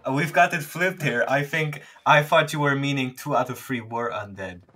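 A man's voice: mid-range voice, moderate pace, sharp tone. A man playing in a tabletop game, talking casually in a flustered, bewildered way. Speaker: player.

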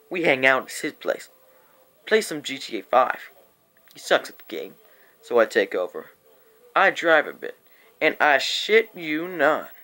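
A man telling a story-time vlog in a casual, profane, animated way. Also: on the high side. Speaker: vlogger.

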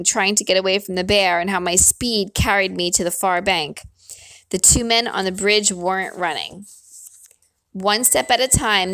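Woman, audiobook narration, expressive, dry, mid pitch. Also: no echo. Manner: expressive first-person storytelling. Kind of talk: reading a novel aloud.

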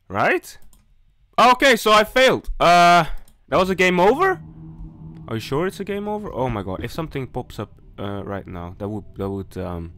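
A man's voice: mid-range voice, sharp tone. A man commentating a horror game playthrough, jumpy and nervous, talking himself through scares and speaking directly to viewers and game characters. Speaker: gaming YouTuber.

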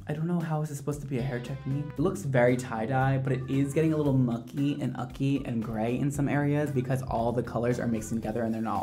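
Sassy, animated male hairdresser reacting. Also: medium pitch. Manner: animated, sassy, with dramatic exclamations. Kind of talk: casual reaction commentary.

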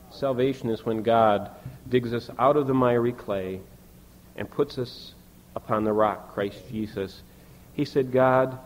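A man preaching a sermon, reading scripture aloud with emphatic rises and soft, low drops. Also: low-quality recording. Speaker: pastor.

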